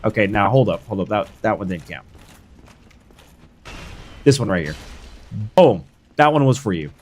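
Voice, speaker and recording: A man's voice: on the low side, moderate pace. A young man streaming a game live, hyping up his fights and chatting casually with viewers. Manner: excitable, hyped shouts while fighting.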